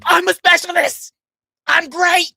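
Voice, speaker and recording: A man mocking a loud, arrogant male online debater who brags and yells about winning every argument. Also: very high voice, little pitch movement, measured pace, creaky, pitched above the performer's own voice, heavily acted. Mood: boastful. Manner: yelling, self-important bragging.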